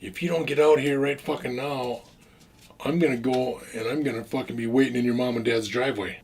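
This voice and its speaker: A man's voice: mid-range voice, steady tone, fast, gravelly, breathy edge, far from the mic, full character voice. A man voicing a furious, impatient man on the phone who curses and threatens. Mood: angry. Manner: cursing, threatening.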